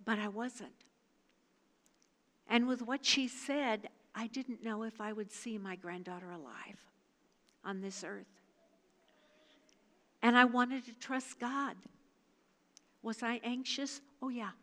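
Slow, earnest older woman in reverb. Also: fairly high pitch, steady tone, a bit bright. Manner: earnest, measured storytelling. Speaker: devotional speaker. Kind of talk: devotional talk with personal testimony. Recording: long hall reverb.

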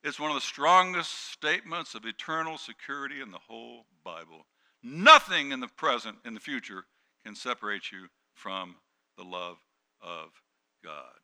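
A middle-aged male pastor preaching a sermon, dropping to hushed tones and then rising to loud, emphatic peaks. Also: medium pitch, moderate pace, clear, resonant tone. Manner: dynamic preaching, swings from hushed to shouting.

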